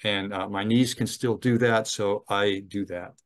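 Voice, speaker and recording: A middle-aged man, a chaplain, giving a slow, gentle training talk on ministry, with some fillers. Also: on the low side, fairly even intonation.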